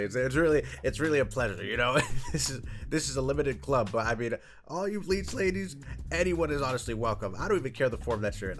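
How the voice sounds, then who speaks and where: Animated young man reviewing anime. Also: lowish voice. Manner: animated, jumps into loud excited bursts and laughs. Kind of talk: casual review vlog.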